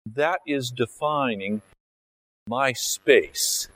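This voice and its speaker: A man's voice: mid-range voice, very slow, a bit bright, a little hiss or hum, rough recording. A male pastor preaching a conversational sermon, acting out scenes as he talks. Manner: conversational, acts out scenes with his body and voice.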